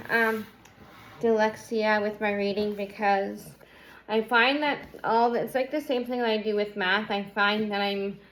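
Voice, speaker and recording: A woman's voice: mid-range voice, poor audio. A young adult woman chatting casually to her viewers in a rambling way, full of fillers, as she shows off her purchases. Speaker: vlogger. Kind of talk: casual unboxing vlog. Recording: noticeable background noise.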